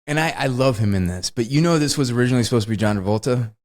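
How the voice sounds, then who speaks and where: A man's voice: medium pitch, rapid-fire, darkish tone. A man co-hosting a podcast, chatting casually and enthusiastically about a film, often laughing mid-story. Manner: enthusiastic, laughs while telling stories. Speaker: podcast co-host. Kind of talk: casual movie review chat.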